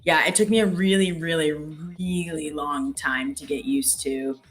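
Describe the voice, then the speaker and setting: A woman's voice: low-pitched, fairly even intonation, measured pace. A young Canadian woman hosting a live trading stream in casual chat, reading viewer comments aloud. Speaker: trading show host.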